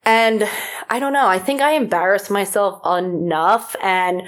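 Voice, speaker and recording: A woman from Florida hosting a podcast in casual chat, rambling with many fillers, her voice a little rough from feeling unwell. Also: medium pitch, a little slow. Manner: rambling, filler-heavy, self-deprecating. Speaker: podcast host.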